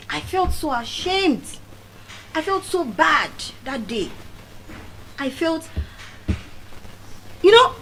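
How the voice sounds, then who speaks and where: A middle-aged woman with a Nigerian accent, giving a motivational speech as animated storytelling and repeating key phrases for emphasis. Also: high voice, slow, long pauses, poor audio. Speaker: motivational speaker. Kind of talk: public speech.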